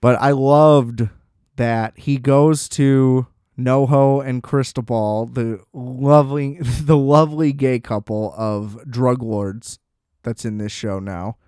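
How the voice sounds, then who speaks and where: A man's voice: mid-range voice, steady tone, slow pace, dark tone, clean tone, no room sound, studio quality. A young man chatting casually on his own, rambling, swearing freely and laughing often. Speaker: solo vlogger. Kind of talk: casual chat.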